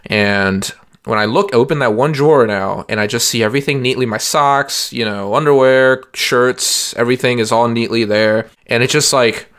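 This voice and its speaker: A man's voice: medium pitch, normal speed, a bit bright. A young man co-hosting a podcast, chatting casually and rambling, with lots of "like" and restarts. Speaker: podcast co-host. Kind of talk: casual chat.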